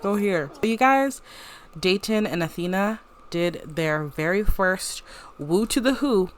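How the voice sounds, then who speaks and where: A young woman casually commentating a life-sim game, chatty and giggly, voicing the characters' lines in quick playful asides. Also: medium pitch, lively intonation, a little hiss or hum. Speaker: gameplay commentator. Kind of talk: casual let's-play commentary.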